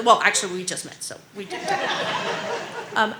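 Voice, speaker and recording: A woman's voice: medium pitch, moderate pace, pauses often, slight background noise. A woman in her forties doing stand-up, telling rambling, self-deprecating stories packed with "like" and "um.". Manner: rambling, animated, heavy use of fillers like "like" and "um"; self-deprecating, anxious humor. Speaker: stand-up comedian. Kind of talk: stand-up storytelling.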